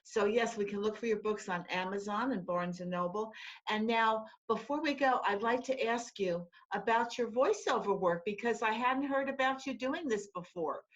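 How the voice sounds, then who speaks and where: A woman's voice: on the high side, moderate pace, muffled recording. A woman hosting a casual web-show interview over a video call, effusive and encouraging. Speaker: host.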